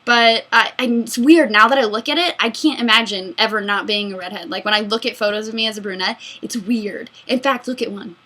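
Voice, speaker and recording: A woman in her mid-twenties hosting a casual fan Q&A, excitable and giggly, rambling between answers. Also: a little high, brisk, hardly any pauses. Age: mid-20s. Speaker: YouTube host answering fan questions. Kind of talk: casual Q&A chat.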